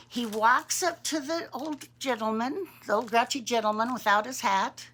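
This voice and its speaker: A woman reading a picture book aloud to young children, gentle and chatty, asking them questions. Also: on the high side, animated, a little slow, slightly rough. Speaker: storybook reader for young children.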